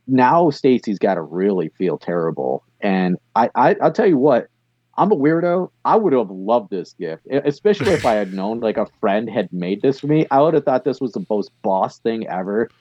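A man co-hosting a podcast, talking casually about a TV episode in a relaxed, enthusiastic way. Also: on the low side, no echo, muffled recording. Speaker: podcast co-host. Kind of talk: casual chat reviewing an episode.

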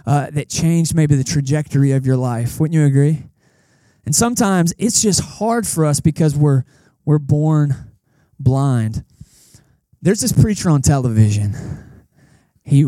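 A man's voice: a little high, dark tone, no room sound. A young man preaching a casual sermon as pastor, joking and talking straight to the congregation. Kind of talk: conversational sermon. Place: church service held in a cinema.

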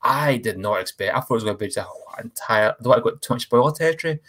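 A man chatting casually. He rambles in an animated way, cutting himself off mid-thought and starting over. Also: mid-range voice, racing. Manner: animated, rambling, self-interrupting. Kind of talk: casual chat.

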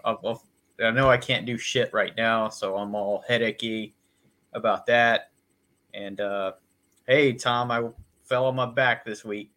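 A man chats as co-host of a loose podcast, his voice sitting a little low. He rambles through everyday stories in an easygoing way, with plenty of casual swearing. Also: fairly even intonation, a little slow, sharp tone. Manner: easygoing, profane, rambling storyteller.

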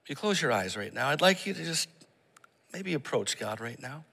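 A man preaching a sermon as pastor, swinging from raised, emphatic lines to hushed, prayerful murmurs. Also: on the high side, very animated, normal speed, gravelly, long reverb tail. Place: church service that is also streamed online.

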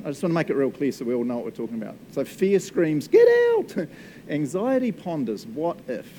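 A man preaches in a relaxed, conversational way, cracking small jokes and laughing at them. His voice sits in an ordinary middle pitch. A faint low rumble runs underneath the recording. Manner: chatty, jokey, laughs often, asks the room "eh?". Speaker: pastor. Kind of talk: casual sermon.

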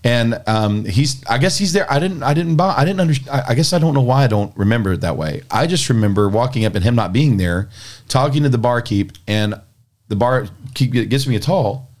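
Pastor guy telling a story, acts out the dialogue, middle pitch. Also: fairly quick. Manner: animated storyteller acting out dialogue. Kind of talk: storytelling in casual chat.

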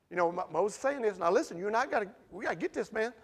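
A man preaching a sermon with passion, swinging between loud outbursts and hushed storytelling. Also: sits high, sing-song, fast, hardly any pauses, husky.

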